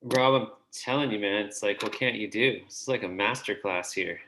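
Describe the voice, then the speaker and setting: Male host with a low voice, casual and joking, full of praise. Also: moderate pace, pushed and bright, slight background noise, rough recording. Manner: enthusiastic, joking. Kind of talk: casual commentary.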